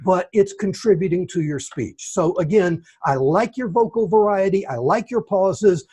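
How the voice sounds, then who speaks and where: Guy on a video call going over a speech, kinda husky, fairly high voice, encouraging. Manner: warm encouraging feedback, slow deliberate phrasing. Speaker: speech evaluator. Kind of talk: online club speech evaluation. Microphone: computer mic on video call.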